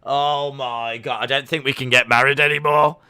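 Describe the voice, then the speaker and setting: A man voicing a dismayed young bride who shrieks and shouts in a shrill, melodramatic way. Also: steady tone, normal speed, clear, resonant tone. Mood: shrieking.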